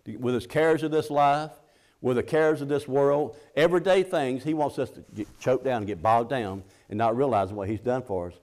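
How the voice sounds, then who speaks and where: A man's voice: medium pitch, normal speed, darkish tone. A middle-aged man preaching a sermon in a folksy, conversational way, often restarting his sentences and acting out the scripture quotes.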